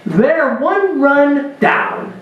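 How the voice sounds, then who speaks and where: Animated man telling a story in a hall. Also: extremely high pitch, drawn-out words, phone-quality sound. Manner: animated storyteller, acts out his own voice in quotes. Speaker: spirituality teacher. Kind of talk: storytelling church talk. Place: church hall at a dinner gathering. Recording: echoey hall recorded from far off.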